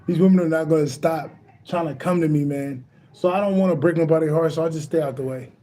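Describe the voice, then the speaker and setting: A man talking in a rambling, excitable monologue as a spiritual vlogger, swearing freely and often laughing. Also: on the high side, fast. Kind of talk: casual monologue.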